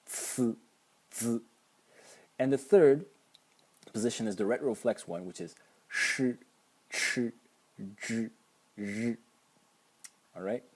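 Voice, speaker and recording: A man's voice: lowish voice, mellow, husky. A man teaching pronunciation at a whiteboard, patiently repeating sounds for the learner. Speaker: language teacher.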